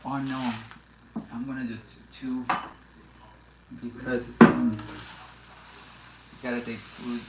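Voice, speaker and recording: A woman's voice: rumbling low, flat delivery, slow, long pauses, heavy background noise. A woman hosting a casual live cooking stream from her home kitchen, chatting to viewers and to herself while she works, with lots of restarts. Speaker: cooking livestream host. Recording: echoey kitchen with loud pan and dish clatter.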